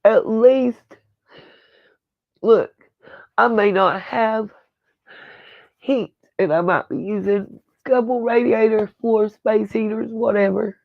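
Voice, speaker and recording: A woman's voice: fairly high pitch, takes it slowly, creaky, long pauses, dry recording, narrow, tinny audio. A woman hosting a livestream, talking bluntly and profanely in a rambling rant from home. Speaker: livestream host. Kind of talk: casual livestream talk.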